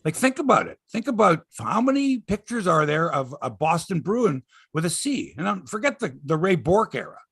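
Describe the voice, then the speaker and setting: Husky, animated older sports storyteller man. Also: sits high, moderate pace, few pauses, no room sound, clean studio sound. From Canada. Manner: animated storyteller, acts out quotes, swears freely. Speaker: sports podcast host. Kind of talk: casual sports chat and storytelling.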